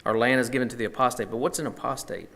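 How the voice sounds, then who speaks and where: A man's voice: medium pitch, fairly even intonation, rapid-fire, vocal fry, fairly bright tone. A man leading a Bible study, teaching conversationally and thinking aloud with frequent fillers and restarts.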